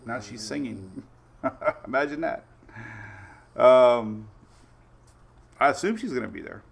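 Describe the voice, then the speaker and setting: A man hosting a casual weather livestream, greeting viewers by name and telling stories in a chatty, relaxed way. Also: medium pitch, slow pace, creaky. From Florida Gulf Coast. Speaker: weather show host.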